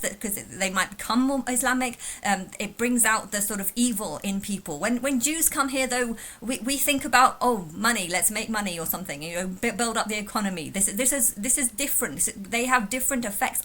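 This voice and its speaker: A woman's voice: a little high, pushed and bright. A woman from England talking casually in a reaction vlog, rambling with frequent restarts and repeated words. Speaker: vlogger reacting to a video.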